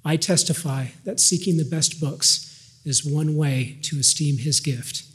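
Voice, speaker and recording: An older man giving a scripted devotional talk, measured and gently humorous, ending with a religious close. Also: a little high, fairly even intonation. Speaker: devotional speaker.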